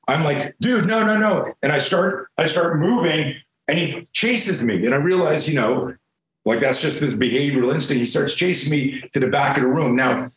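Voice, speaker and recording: Profane, animated male storyteller, roomy echo. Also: mid-range voice. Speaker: guest. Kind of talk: casual storytelling interview.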